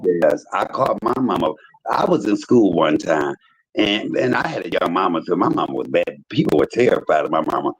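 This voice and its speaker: A man hosting a livestream, telling stories in casual chat with an animated manner that leaps up in pitch when he quotes people. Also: a little fast, a little hiss or hum, rough recording. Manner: animated storyteller, jumps high in pitch for quoted voices. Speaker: livestream host.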